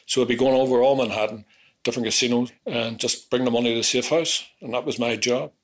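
A man's voice: medium pitch, fast. A man with a Belfast accent from Northern Ireland, bluntly recounting a tense past night in casual, heavily sworn storytelling. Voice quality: blunt, profane, animated retelling with acted-out quotes. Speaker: interviewee recounting his past. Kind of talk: vivid storytelling, heavy swearing.

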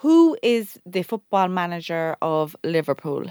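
A woman's voice: fairly low pitch, sing-song, a little mellow, clear, resonant tone, no echo, clean studio sound. Blunt Cork woman co-host. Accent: Irish, Cork. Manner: brisk, blunt, teasing quizmaster. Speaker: podcast co-host. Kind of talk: casual chat.

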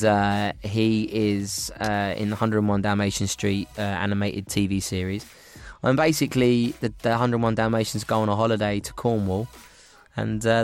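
A man chatting as a guest on a radio show, cheerful and quick to laugh, often repeating his words. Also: on the low side, clear, resonant tone. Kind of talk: casual radio chat.

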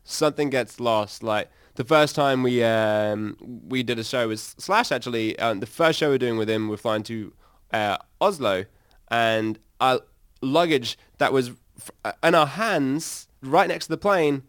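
A man, a band's singer, telling animated stories in an interview, laughing and acting out his own reactions. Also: medium pitch, measured pace, hardly any pauses, clear, resonant tone, no room sound, studio quality. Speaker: band singer. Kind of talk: casual interview storytelling.

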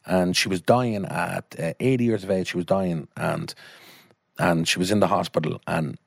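An Irish man telling a family story in casual talk, animated and swearing freely. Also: deep voice, normal speed, gravelly, dry recording, studio quality. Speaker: guest storyteller, filmmaker.

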